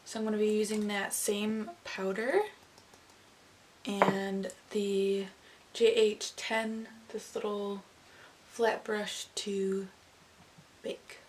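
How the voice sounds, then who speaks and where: A woman's voice: medium pitch, little pitch movement, slow pace, pauses often. Chatty young woman giving a makeup tutorial. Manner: chatty, casual, filler-heavy with "um" and "like". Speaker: makeup artist. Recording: slightly distant mic with faint noise.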